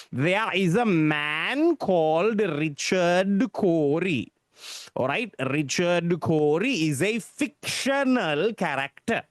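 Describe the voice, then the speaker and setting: A man's voice: high voice, dry recording, studio quality. A man with a Sri Lankan English accent teaching a literature lesson for exams, repeating key points with emphasis for his students. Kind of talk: exam-focused literature lesson.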